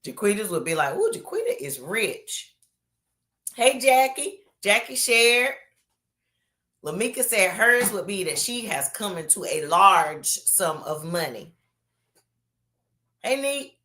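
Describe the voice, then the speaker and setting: A woman pastor hosting an online Bible study, chatting casually with drawn-out emphasis while reading viewers' comments aloud. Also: mid-range voice. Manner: animated, drawn-out emphasis, calls people baby.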